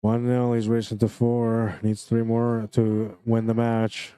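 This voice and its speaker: A man with a Canadian accent giving relaxed, chatty live commentary on a pool match and greeting viewers by name. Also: on the low side, slow, clean tone, no room sound.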